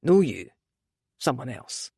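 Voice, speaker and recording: A woman doing a terse, gruff Scottish man. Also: big pitch swings, takes it slowly, mellow, no room sound, studio quality, exaggerated voice. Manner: terse, low and muttering. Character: gruff stubborn young Scottish man, injured.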